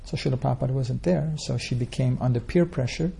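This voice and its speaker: A man's voice: medium pitch, fast talker, vocal fry, mellow, breathy edge. A man answering questions at a religious gathering, telling scripture stories in a rambling way, with many restarts. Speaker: spiritual teacher answering questions. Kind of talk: informal religious Q&A talk.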